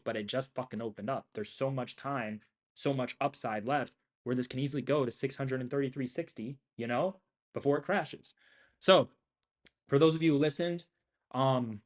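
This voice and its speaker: A young man live-streaming his trades, talking in a brash, boastful rant full of swearing. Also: medium pitch. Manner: brash, profane and boastful, ranting. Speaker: trading streamer. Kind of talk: live trading stream commentary.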